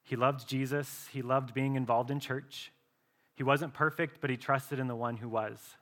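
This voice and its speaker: A male pastor preaching a sermon earnestly, often dropping to a soft, slow voice for emphasis. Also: mid-range voice, fairly even intonation.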